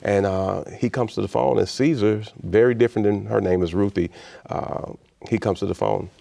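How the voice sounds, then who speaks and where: A man's voice: lowish voice, moderate pace, vocal fry. A man in his sixties from Chicago, a guest in an interview telling a personal story with energy and acting out the other people in it. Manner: animated storyteller who acts out the voices in his story. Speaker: interview guest, state official.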